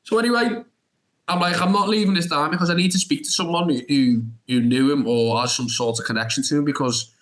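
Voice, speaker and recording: A man's voice: on the high side, steady tone, fairly quick, fairly bright tone, low-quality recording. A young man tells a long story as a guest on a podcast. He rambles through restarts and filler like "da da da", and he acts out his own reactions along the way. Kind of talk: animated anecdote storytelling.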